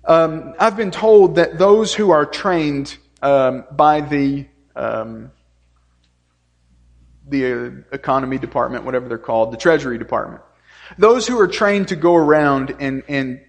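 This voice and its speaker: A man's voice: a little high, a little slow. A male preacher delivering an earnest sermon, stressing points by repeating them. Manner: earnest, repetitive preaching with emphatic lists. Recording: long reverb of a hall.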